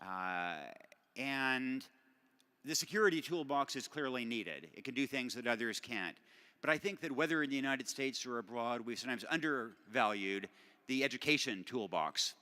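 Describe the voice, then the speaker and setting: A middle-aged man stands at a podium and delivers an acceptance speech. His bright voice carries through a large banquet hall with a long reverb tail. He talks in a relaxed, self-deprecating way, with plenty of fillers and restarts. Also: mid-range voice, moderate pace. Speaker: award recipient giving a speech.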